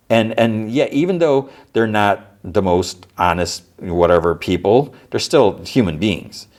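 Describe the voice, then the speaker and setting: This podcast host has a deep, darkish voice. He retells a TV episode in a rambling, casual way, packing in fillers and acting out the quotes.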